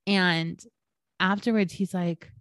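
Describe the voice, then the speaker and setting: A young woman co-hosts a podcast in loose, casual chat. Her voice sits fairly low, and she tells stories in a rambling way, full of fillers and casual swearing. The sound is dry and close, with no room echo. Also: steady tone, takes it slowly, fairly bright tone. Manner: swears freely, storytelling with lots of fillers. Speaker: podcast co-host.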